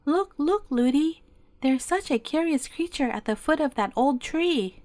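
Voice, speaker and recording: A woman's voice: sits high, measured pace, no echo. A woman doing a chattering little princess. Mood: eager. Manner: eager, excited calling out.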